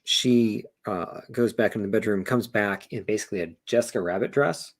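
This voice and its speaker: Game master, man, gravelly and husky, rambling scene narration. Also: on the low side, moderate pace. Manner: rambling, self-correcting, descriptive.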